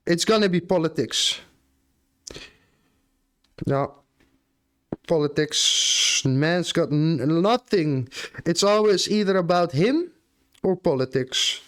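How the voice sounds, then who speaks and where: Young Australian man, unhurried live-stream chatter, dry close sound, casual and profane. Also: on the high side, animated, a bit bright, no echo. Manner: laid-back, swears casually, often ends lines with "bro".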